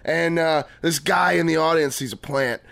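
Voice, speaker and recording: A man's voice: a little high, moderate pace, creaky, fairly bright tone. An actor playing a clueless young stand-up comic who rambles eagerly through his act as a radio guest. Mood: eager, rambling. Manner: rambling, eager, laughs at his own jokes. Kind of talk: comedy sketch acting. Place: radio studio.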